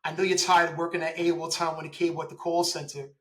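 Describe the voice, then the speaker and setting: A man in his forties, a police officer telling his story in a casual interview, lively, laughing and acting out quoted dialogue. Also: a little high, rapid-fire, rough recording.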